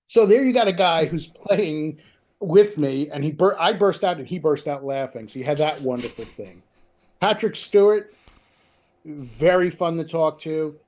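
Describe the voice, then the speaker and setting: A man being interviewed about his book over a video call, telling lively anecdotes in a chatty, self-deprecating way. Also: on the high side, measured pace. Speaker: author, interview guest. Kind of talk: casual storytelling chat.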